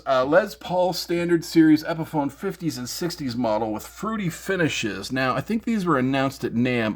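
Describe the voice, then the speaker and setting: A man's voice: a little high, husky. A middle-aged man hosting a music gear news show from his home music room, chatting casually in a rambling, jokey way with lots of fillers and restarts. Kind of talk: casual chat.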